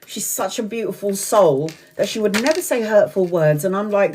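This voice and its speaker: A woman's voice: medium pitch, animated, normal speed, a little mellow, slight background noise. Blunt, swearing tarot reader woman. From Brazil. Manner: blunt, swears freely, laughs often. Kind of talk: live-stream tarot reading.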